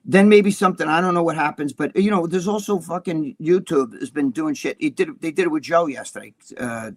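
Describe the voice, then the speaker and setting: A man's voice: fairly high pitch, a little fast, no echo. Blunt, profane ranting man. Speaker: co-host. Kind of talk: casual talk show chat.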